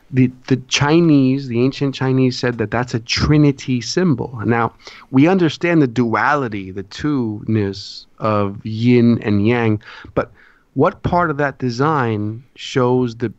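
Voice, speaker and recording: A man's voice: medium pitch, no room sound, lo-fi sound. A man, a podcast guest, explaining symbolism in a lecturing way, often checking in with his listeners.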